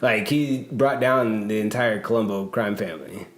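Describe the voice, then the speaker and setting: A man's voice: on the low side, moderate pace. A man hosting a casual podcast, telling a long story with lots of fillers and laughs. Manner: rambling, laughing, many fillers. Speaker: podcast host and personal trainer. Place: gym or studio room. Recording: echoey room.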